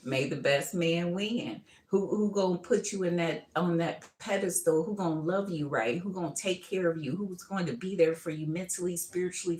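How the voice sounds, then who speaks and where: A woman's voice: lowish voice, a little mellow, reverberant, a little hiss or hum. Brash laughing woman reading tarot. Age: middle-aged. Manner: laughing, brash, swearing, calls listeners boo and baby. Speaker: tarot reader. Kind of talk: casual live tarot reading.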